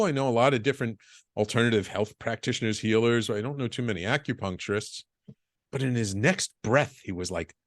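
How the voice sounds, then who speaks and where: A middle-aged man guesting on a podcast, telling his business story with lively acted-out dialogue and stumbling restarts. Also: mid-range voice, fairly quick, no echo, clean studio sound. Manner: animated storyteller, acts out quoted dialogue, frequent restarts. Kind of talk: storytelling interview.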